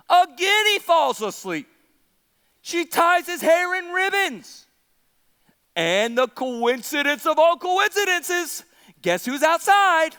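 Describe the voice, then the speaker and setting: High, bright, animated preacher. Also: male voice, slow, big-room sound. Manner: animated storyteller who acts out the characters. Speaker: pastor. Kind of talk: sermon.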